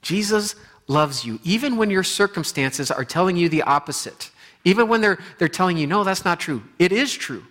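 A male pastor preaches earnestly and conversationally, frequently restarting sentences and moving from quiet passages into animated bursts. His voice sits high and his pace is a little fast.

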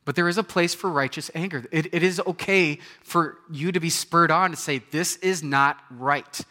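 A man preaching a sermon, animated, acting out voices and swinging from loud exclamations to hushed, quiet lines. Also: a little high, brisk. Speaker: pastor. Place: church.

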